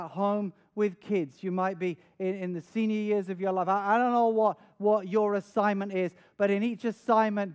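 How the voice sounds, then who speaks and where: A man's voice: high-pitched, smooth. A man preaching a sermon, earnest and dramatic, often repeating words as he stresses a point. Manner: dramatic, acts out scenes with raised voice.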